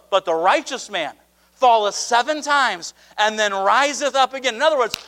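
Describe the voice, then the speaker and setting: High bright-voiced guy preaching, gets loud then drops real quiet, acts out the bible bits. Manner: animated preaching with sudden drops to near-quiet asides. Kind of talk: sermon.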